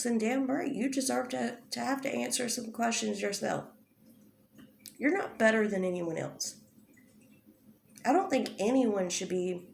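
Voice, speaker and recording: A woman's voice: a little high, creaky, a little hiss or hum. A woman giving an angry commentary rant, firing off confrontational rhetorical questions and swearing often. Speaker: drama commentary youtuber. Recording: echoey room.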